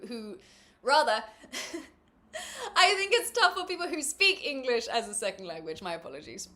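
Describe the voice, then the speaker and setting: A woman with a New Zealand accent talks to her livestream chat in a relaxed, meandering way. Her voice is bright and forward. Now and then she slips into deadpan sarcasm. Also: medium pitch. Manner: chatty and meandering, dry sarcasm. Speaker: streamer. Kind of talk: casual livestream chat, reading chat aloud.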